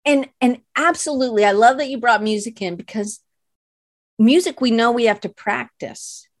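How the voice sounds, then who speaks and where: Her voice is on the high side and her pace moderate, captured in clean studio sound with no room noise. This illustration teacher hosts a podcast in casual conversation, meandering playfully, poking fun at herself, and using plenty of "like" fillers.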